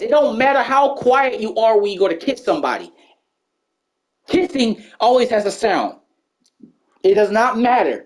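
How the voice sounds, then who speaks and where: A woman's voice: on the low side, a little mellow. A woman telling a personal story to camera as a heated rant, repeating herself, stammering and swearing when worked up. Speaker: storyteller vlogger.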